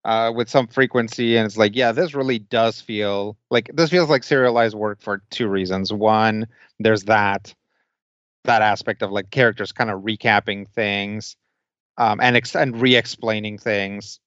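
A man on a podcast giving measured, hedging opinions in casual talk. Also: on the low side, steady tone, a bit bright, no echo. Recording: slightly dull lo-fi sound.

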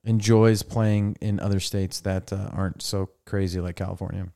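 On a studio mic, this young podcast host speaks at normal speed in a deep, creaky voice. His talk is a relaxed chat, and he brings his stories to life by performing what other people said.

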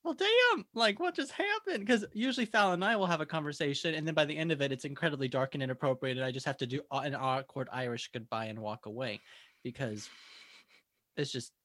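A woman's voice: extremely low pitch, fast, no echo. A woman co-hosting a podcast, rambling through stories in casual chat and acting out the quoted lines. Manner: rambling storyteller, acts out quoted dialogue. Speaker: podcast co-host.

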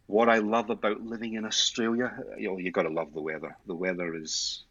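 A man's voice: lowish voice, little pitch movement, a little fast, a bit bright, breathy edge, no room sound, lo-fi sound. A Scottish man chatting enthusiastically as a podcast guest, often restarting and repeating words. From Scotland. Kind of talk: casual interview chat.

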